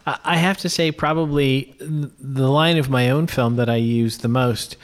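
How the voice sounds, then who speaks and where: A man's voice: mid-range voice, moderate pace. Laid-back man chatting about films. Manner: relaxed, chuckles often while talking. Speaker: podcast co-host, filmmaker. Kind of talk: casual film discussion.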